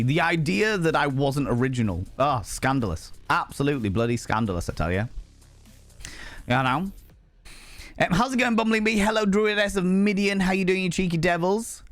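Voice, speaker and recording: A young man chatting casually on a live stream, animated and swearing freely, jumping high in pitch for emphasis.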